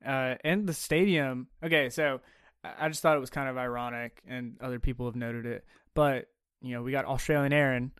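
A man hosting a casual sports podcast, chatty and halting, with many restarts and fillers. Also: medium pitch, steady tone, a bit bright, clear, resonant tone, dry recording, clean studio sound. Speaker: podcast host.

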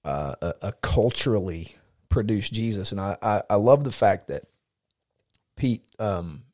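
On a faith podcast, a male co-host chats casually and earnestly in a fairly low, darkish voice with lively intonation. He keeps a measured pace, often restarting and repeating words as he thinks. The recording is dry and studio-clean.

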